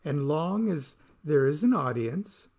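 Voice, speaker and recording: A man's voice: on the high side, lively intonation, unhurried, darkish tone. A man reading aloud from his own book, with a wry, theatrical delivery that plays to the listener.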